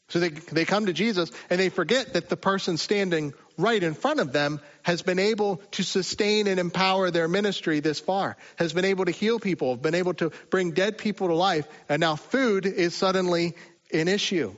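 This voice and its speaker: A man's voice: on the high side, animated, moderate pace. Conversational male preacher, lo-fi sound. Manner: conversational, rhetorical asides. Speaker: pastor. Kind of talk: sermon.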